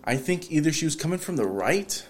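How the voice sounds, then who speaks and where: A man's voice: fairly high pitch, big pitch swings, fairly quick. A man in casual podcast chat who tells profane stories and laughs often.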